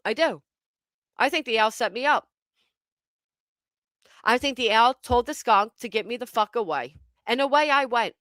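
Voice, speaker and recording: A woman hosting her channel, telling a comic story to her live chat with animated, profane delivery and dramatic pauses. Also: fairly high pitch, dry recording, clean studio sound. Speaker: channel host.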